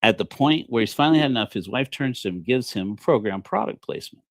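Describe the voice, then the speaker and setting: A man's voice: mid-range voice, lively intonation, quick pace, dry recording. A man preaching a comedic, rambling sermon on a livestream, joking and self-deprecating. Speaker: preacher of a parody church.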